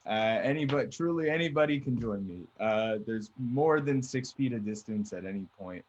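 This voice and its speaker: A man's voice: medium pitch, expressive, normal speed, lo-fi sound. A man hosting an online comedy show over a video call, joking loosely as he introduces the comics. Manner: loose, joking, laid-back. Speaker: host.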